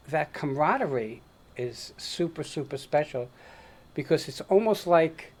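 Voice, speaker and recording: A man in his sixties hosting a casual interview, talking emphatically and often checking in with "Okay?". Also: on the high side. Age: 60s.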